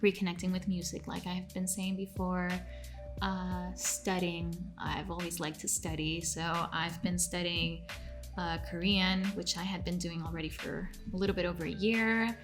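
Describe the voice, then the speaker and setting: A woman's voice: fairly low pitch, little pitch movement, normal speed, music in the background. A young adult woman, a singer, chatting expressively as an interview guest, with many fillers. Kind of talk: casual video-call interview.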